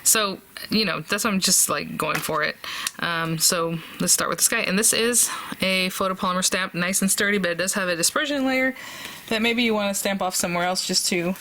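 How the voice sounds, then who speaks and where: A woman's voice: mid-range voice, fairly quick, bright, forceful tone, slight background noise. A woman hosting a casual crafting tutorial, chatting and thinking aloud as she works, with fillers and small laughs.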